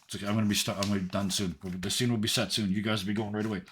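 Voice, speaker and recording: A man narrating as game master of a tabletop game in a halting, descriptive way. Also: lowish voice, level tone, noisy background.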